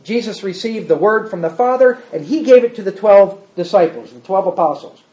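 A man preaching a sermon and reading scripture, shifting between loud emphasis and quiet asides. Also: high voice, lively intonation, brisk. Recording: echoey hall, slightly dull sound.

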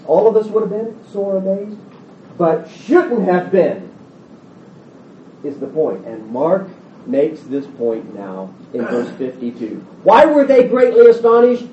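Animated high-voiced man preaching, roomy sound. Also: measured pace, slight background noise. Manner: animated, acts out the disciples' voices. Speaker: pastor. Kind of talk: expository Bible sermon. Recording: roomy, distant, dull sound.

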